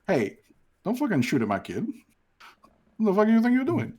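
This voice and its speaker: Man as furious wraith father, gruff threats, raised pitch, tabletop game voice. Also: animated, normal speed, a little mellow. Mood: angry. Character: angry ghostly wraith father, protective.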